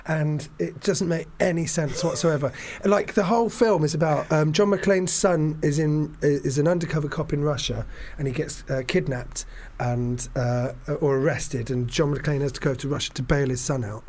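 A man talks films in a casual, animated way, swearing freely. His voice sits high for a man. Faint noise hums under the recording. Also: moderate pace, hardly any pauses. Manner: animated, swearing, acts out quotes loudly. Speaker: podcast co-host. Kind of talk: casual film chat.

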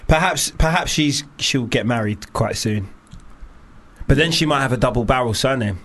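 A man's voice: mid-range voice, animated, moderate pace, fairly bright tone. A man, co-hosting a radio show in casual, joking banter that often trails off. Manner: jokey, laughs often, trails off mid-sentence.

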